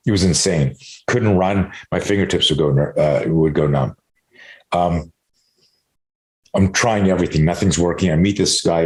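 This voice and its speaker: Deep-voiced man telling an animated story. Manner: animated, swears freely, acts out his own inner dialogue. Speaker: self-defense expert guest. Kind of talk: candid storytelling in a podcast interview. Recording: echoey room.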